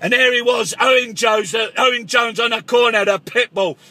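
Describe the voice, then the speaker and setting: A man delivers a shouty, excitable comic rant and stammers over repeated words. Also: very high voice, normal speed, no room sound.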